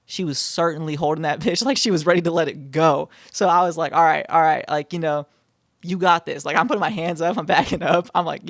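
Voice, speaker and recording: A young man telling a personal story casually, animated and slangy, full of fillers and swearing. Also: a little high, quick pace, vocal fry, no room sound, studio quality. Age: young adult. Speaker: storytime vlogger.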